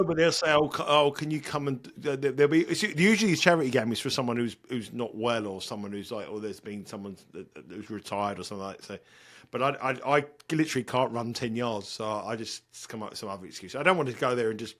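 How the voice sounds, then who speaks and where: A man hosts a casual betting podcast in an ordinary, mid-pitched voice. He rambles and pokes fun at himself. He often trips over and repeats words. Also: fast talker, fairly bright tone. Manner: rambling, self-deprecating, stumbles and repeats words. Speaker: podcast host.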